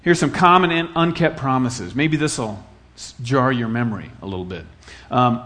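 A man's voice: medium pitch, lively intonation, normal speed, a bit bright. A middle-aged man from Iowa preaching a sermon in an earnest, conversational way, telling stories and repeating phrases for effect. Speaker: pastor.

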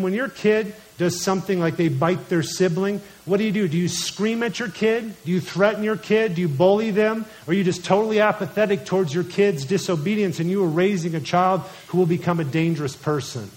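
A man's voice: sits high, rough recording. A man in his thirties preaching a sermon, telling illustrative stories from family life and quoting scripture in an earnest manner. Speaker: pastor.

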